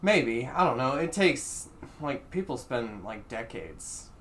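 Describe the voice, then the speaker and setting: A man hosting a relaxed podcast conversation, his medium-pitched voice full of "like" and "um" as he thinks aloud. He restarts sentences and wanders toward his point. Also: takes it slowly. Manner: hesitant, filler-heavy, thinking aloud. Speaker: podcast host. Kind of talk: casual chat.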